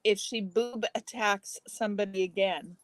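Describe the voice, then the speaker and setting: A woman's voice: mid-range voice, fairly even intonation, normal speed, no room sound, poor audio. Chatty woman hosting a casual stream. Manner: chatty, talks to viewers while eating. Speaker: live stream host. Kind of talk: casual chat reading comments.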